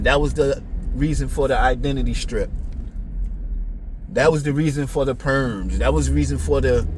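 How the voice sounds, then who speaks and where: A man's voice: medium pitch, noisy background. A man, talking in a casual, blunt, profane monologue full of street slang. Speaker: podcast host.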